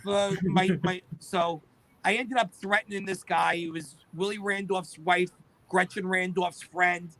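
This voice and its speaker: A middle-aged man, a guest telling lively stories and acting out the dialogue. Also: sits high, unhurried, low-quality recording. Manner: animated storyteller acting out quoted dialogue. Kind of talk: storytelling interview.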